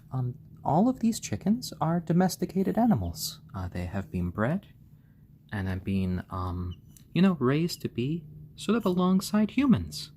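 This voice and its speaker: Man, live stream host, soft doting voice, lively pitch, faint background hiss. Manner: gentle, doting, talks softly to the chicks. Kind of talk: casual live stream chat.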